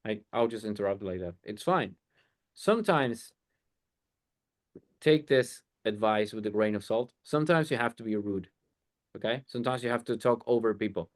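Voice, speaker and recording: A man's voice: fairly low pitch, animated, moderate pace, dry recording, clean studio sound. Blunt, emphatic male sales coach. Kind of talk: group coaching call.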